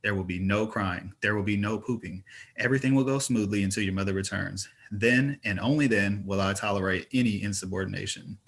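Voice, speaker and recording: A man's voice: lowish voice, a little fast, fairly bright tone, slightly rough. Brief: young father, playful, mock-stern, juggling kids, voiced by a male reader. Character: twenty-year-old father, joking and flustered.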